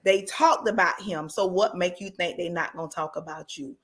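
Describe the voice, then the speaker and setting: A woman's voice: fairly low pitch, moderate pace, fairly bright tone, low-quality recording. A woman hosting a casual talk show, speaking emotionally and repeating grateful phrases, with a churchy cadence. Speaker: host.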